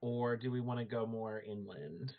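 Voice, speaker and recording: A man talks through ideas for a tabletop game, rambling with frequent fillers. The sound is narrow and phone-like. Quiet music runs behind him. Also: medium pitch, moderate pace. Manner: chatty, thinking aloud with many fillers. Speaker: player. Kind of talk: casual tabletop game planning. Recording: tinny, phone-like stream audio.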